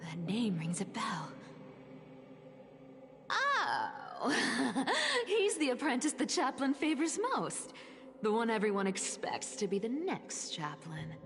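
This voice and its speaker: A woman's voice: on the high side, wildly swooping pitch, slow, background noise, exaggerated voice. Giggly sly thief girl. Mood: gleeful. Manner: giggly, mischievous, talks to herself. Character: sly young female thief, playful and scheming. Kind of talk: video game voice acting. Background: game music.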